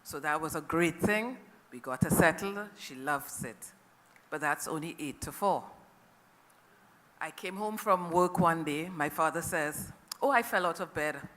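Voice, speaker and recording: Earnest middle-aged Trinidadian speaker, bright voice. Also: mid-range voice, measured pace. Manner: earnest and emotional, often checks in with the audience. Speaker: family caregiver speaking at a conference. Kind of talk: personal testimony to an audience. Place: conference hall. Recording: long reverb of a conference hall.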